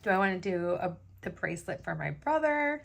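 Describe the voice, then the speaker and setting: A woman's voice: fairly low pitch, very animated, fairly quick, gravelly. A woman vlogger chatting casually as she makes jewelry, thinking aloud with lots of fillers. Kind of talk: casual crafting chat.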